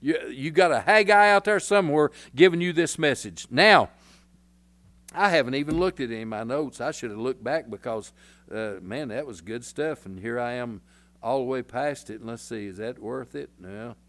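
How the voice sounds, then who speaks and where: An older man preaching a folksy, rambling sermon as pastor, breaking into loud hollers. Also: medium pitch, moderate pace.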